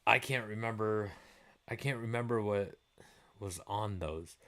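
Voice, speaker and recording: A man's voice: fairly low pitch, measured pace, pushed and bright. A middle-aged man hosting a livestream, chatting loosely with viewers, swearing freely and laughing easily. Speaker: livestream host. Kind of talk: casual chat answering viewer comments.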